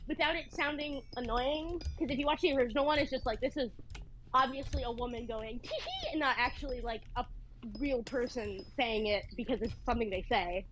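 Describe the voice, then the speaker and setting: A woman streamer chatting casually while gaming, talking like a Valley Girl with vocal fry and a retainer in. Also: high voice, a little fast, a little hiss or hum. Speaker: streamer host.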